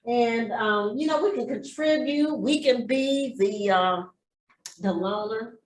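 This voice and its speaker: A woman with a somewhat high voice takes her time as she teaches a real estate class in a reverberant room. Her motivational talk is built on heartfelt stories of giving, blessing, and helping others.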